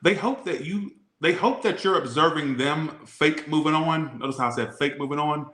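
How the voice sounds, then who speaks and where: A man with a Southern accent reads tarot and rambles through crude, joking asides. His voice is bright and forward. It rings in an echoey room. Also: on the high side, moderate pace. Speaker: tarot reader. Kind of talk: casual tarot reading to camera.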